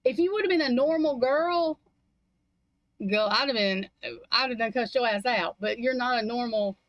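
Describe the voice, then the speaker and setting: A woman's voice: fairly high pitch, moderate pace, no room sound, lo-fi sound. A woman chatting casually on a livestream in a rambling, blunt, heavily profane way. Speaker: livestream chat participant. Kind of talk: casual chat.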